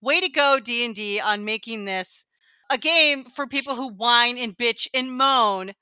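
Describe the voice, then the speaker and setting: A woman co-hosts a casual podcast and rants in exasperation, swearing freely. Her voice is high and bright. The sound is dry and a little dull. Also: unhurried, smooth, dry recording. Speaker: podcast co-host.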